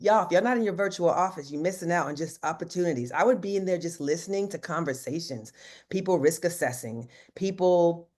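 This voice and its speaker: A man who works as an insurance agent, telling his story in earnest on a team video call, speaking casually with lots of fillers and restarts. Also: a little high.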